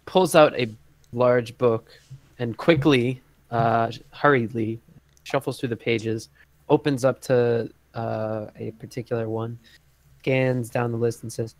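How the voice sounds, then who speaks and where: A man narrating as game master in a tabletop game, in a loose, unhurried way with many fillers. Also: medium pitch, fairly even intonation, no echo, poor audio.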